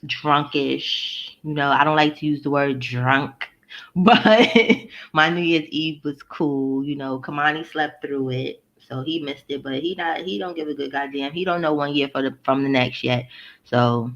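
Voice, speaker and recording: A woman's voice: low voice, measured pace, a bit bright, highs cut off. A woman vlogger ranting casually to her live chat, profane and mocking, answering viewers by name.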